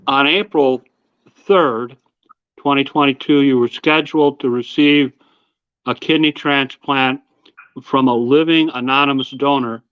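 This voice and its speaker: A man's voice: medium pitch, clean tone, no room sound. A man hosting a live interview, reading careful summaries before asking his questions. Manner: reads careful summaries, then asks. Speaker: host. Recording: dull, dry sound.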